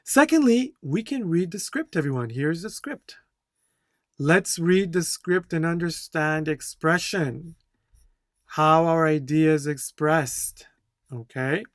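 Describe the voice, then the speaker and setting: Guy with a higher voice going over test answers, dry close mic, repeats words slow. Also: no room sound. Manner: reads quoted dialogue aloud, repeats key words slowly. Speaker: language test instructor. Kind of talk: tutorial explanation.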